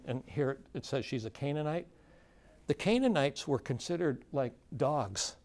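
A man of average pitch leads a conference workshop in a loose, conversational way. He asks the room questions and often stops and restarts his sentences, with frequent fillers. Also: darkish tone. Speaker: workshop facilitator. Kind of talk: conversational lecture to a live audience.

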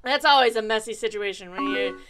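A woman's voice: mid-range voice, brisk, over music. A woman commenting on a dating game she is playing, bubbly and giggly, often flustered and stammering. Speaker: gaming channel host. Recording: loud keyboard typing and clicks.

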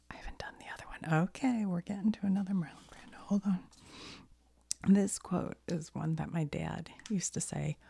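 A woman with a cold chatting in a soft-spoken ASMR style, half-whispering and rambling, laughing often, close to the mic. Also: fairly low pitch, creaky, husky, no room sound. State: has a cold. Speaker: ASMR creator.

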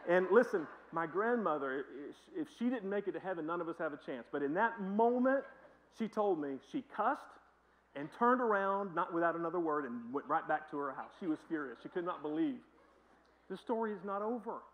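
A man's voice: fairly high pitch, animated, a little fast, highs cut off. A man pastor preaching a sermon in a conversational, emphatic storytelling manner. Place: church.

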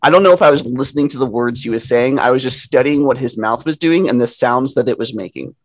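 A man's voice: medium pitch, fast talker, dry recording. Male co-host, rambling self-interrupting talker, dry close mic. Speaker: podcast co-host. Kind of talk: casual chat.

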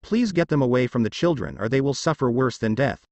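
Pitiful begging smith god, man reading, lively, dry. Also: mid-range voice, brisk, dry recording, natural voice. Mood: pleading. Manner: pitiful pleading. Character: desperate pleading male smith god.

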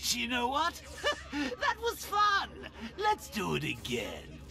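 Cackling manic clown villain. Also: male voice, very high voice, wildly swooping pitch, slow, creaky, sharp tone, exaggerated voice. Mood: manic taunting. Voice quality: cackling, theatrical. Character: manic male clown villain singing a taunting song. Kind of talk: villain song performance. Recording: song with music and long reverb.

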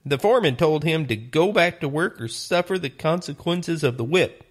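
A man teaching a Bible lesson, retelling stories in a deliberate, earnest way. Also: a little high, animated. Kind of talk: sermon storytelling.

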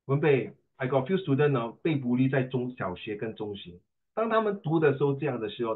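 A man's voice: mid-range voice, sing-song, brisk. A middle-aged man with a Singaporean English accent, coaching pronunciation in an online class, chatty and teasing, slipping into Mandarin. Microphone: video call. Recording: tinny video call line.

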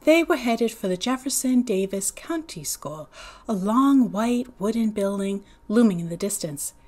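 A teacher reads a novel aloud to her students in animated, unhurried storytelling. She acts out the children's lines in higher, louder voices.

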